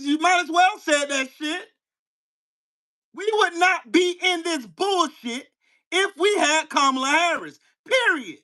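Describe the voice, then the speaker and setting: A man hosting his own channel, delivering a heated, profane political rant at a commenter, firing rhetorical questions and bursting into shouts. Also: very high-pitched, takes it slowly. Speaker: channel host. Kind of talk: angry political rant to camera.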